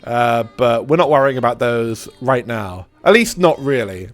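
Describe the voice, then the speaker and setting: A man hosting a live game stream in casual, rambling chat, his voice hoarse and stuffy from a cold. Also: mid-range voice, lively intonation, normal speed, faint music behind. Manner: rambling, with restarts, swearing and laughs. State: stuffy nose after a cold.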